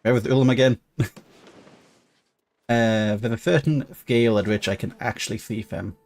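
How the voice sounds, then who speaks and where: A man's voice: mid-range voice, normal speed, a little mellow. A man giving casual let's-play commentary on a strategy game, thinking aloud with fillers and restarts. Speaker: gaming YouTuber.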